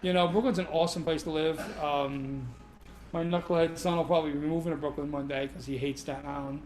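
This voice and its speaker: A man's voice: on the high side, fast. A middle-aged man, casually telling laughing, profane stories about his martial arts past. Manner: animated, laughing, profane anecdotes. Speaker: guest martial arts instructor. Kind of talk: casual storytelling chat. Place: martial arts school in New York City.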